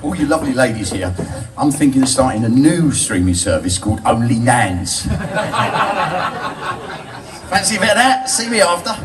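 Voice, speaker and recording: A man's voice: mid-range voice, very animated, moderate pace, long pauses, heavy background noise. An older English man telling crude, cheeky stories on stage, laughing at his own jokes. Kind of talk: live stand-up storytelling. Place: bar with a live audience. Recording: distant live audience recording.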